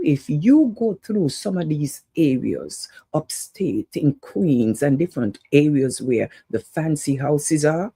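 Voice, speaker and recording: Husky-voiced woman preaching about voting. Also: low-pitched, expressive, takes it slowly, hardly any pauses, mellow, no echo. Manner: preachy, urgent, greets viewers by name. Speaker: host of an online talk show. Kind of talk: impassioned political monologue to viewers.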